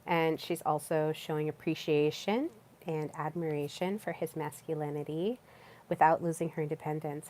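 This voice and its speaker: Low-voiced woman hosting a podcast. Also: fairly even intonation, moderate pace, a little mellow, slight background noise. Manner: chatty, with frequent fillers and repeated words. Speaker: podcast host. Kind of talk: casual solo podcast talk.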